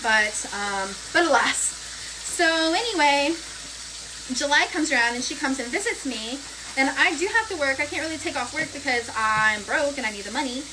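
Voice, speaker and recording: A young woman in her twenties casually telling a storytime vlog, animated and chatty as she retells what happened. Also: high-pitched, noisy background.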